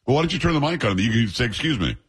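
A man hosting talk radio, teasing his co-hosts in quick banter. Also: mid-range voice, animated, a little hiss or hum.

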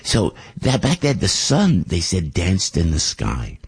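Older male radio host, husky low voice, chatty and animated storyteller. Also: unhurried, no room sound. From Italian-American. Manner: rambling, animated, chatty with restarts. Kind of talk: casual storytelling monologue.

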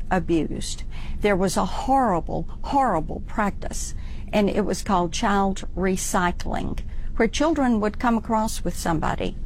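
A woman's voice: medium pitch, darkish tone, a little hiss or hum, low-quality recording. A woman senator giving firm, emphatic answers in a televised interview.

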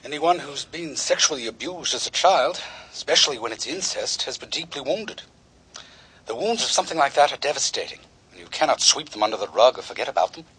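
An actor playing a male psychologist on a radio broadcast, speaking in a measured, instructive way. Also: medium pitch, animated, sharp tone, breathy edge, full character voice, low-quality recording.

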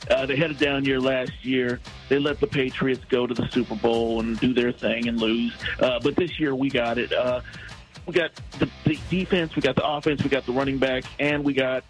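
A man's voice: medium pitch, fairly even intonation, moderate pace, faint music behind. A male radio caller talking in a hesitant way full of uh fillers, heard over a phone line.

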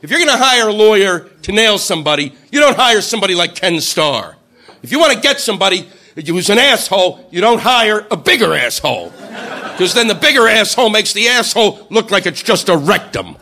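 A man doing a stand-up routine, ranting and bursting into shouted impressions. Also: high voice, sing-song, fairly quick. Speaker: stand-up comedian.

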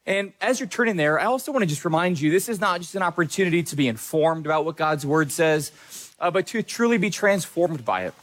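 A male pastor preaching a sermon in an energetic, conversational way with quick asides. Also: fairly high pitch.

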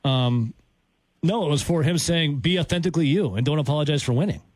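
A man's voice: on the high side, fairly quick, a little mellow. A man hosting sports talk radio, teasing his co-hosts in a laid-back way.

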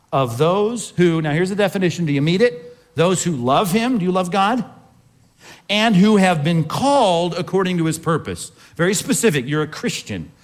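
A man preaching a sermon in a conversational way, often putting questions to the congregation. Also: a little high. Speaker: pastor.

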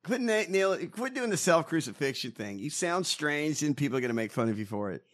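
A man's voice: fairly high pitch, big pitch swings, a bit bright. A man co-hosting a podcast, ranting in crude, mocking political banter. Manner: crude, mocking, rapid rants. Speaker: podcast co-host.

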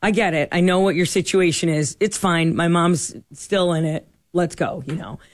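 A middle-aged woman spins a story in an animated, chatty way, slipping into the voices of the people she quotes. The sound is close and dry, with no room around her. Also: fairly low pitch, moderate pace, no room sound. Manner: animated, acts out quoted dialogue. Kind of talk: casual storytelling chat.

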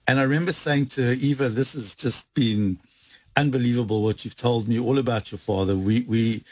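Husky South African man telling a story. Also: medium pitch, brisk, no echo. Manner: animated, repeats words, acts out quotes. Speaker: interviewee. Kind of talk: lively anecdote telling.

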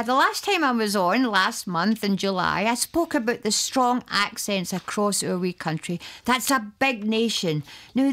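A woman presenting on community radio, chatty and quick to laugh. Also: fairly high pitch, fairly bright tone.

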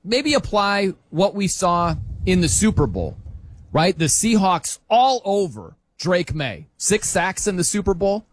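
A male radio host leading a lively sports talk segment in an excitable way. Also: high-pitched, a little slow, no echo. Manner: excitable, mimics crowd chants.

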